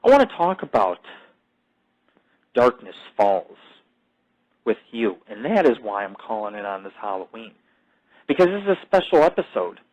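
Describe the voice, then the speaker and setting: A very animated man with a lowish, somewhat mellow voice hosts his own podcast on a muffled recording. His loose monologue is full of swearing, tangents and self-mythologizing, with halting restarts and fillers repeated again and again.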